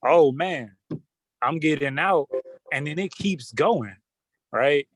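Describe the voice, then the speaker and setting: A man's voice: a little high, lively intonation, takes it slowly, no echo. A man leading a live trading stream, talking loosely and hyping up his results in casual slang. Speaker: trading group leader. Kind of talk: casual livestream talk.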